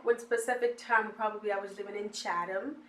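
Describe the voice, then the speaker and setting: A woman's voice: medium pitch, steady tone, brisk. Young woman, chatty storyteller, echoey room, light hiss underneath. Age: young adult. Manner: chatty, acts out quoted people. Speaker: interviewee. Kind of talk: documentary interview.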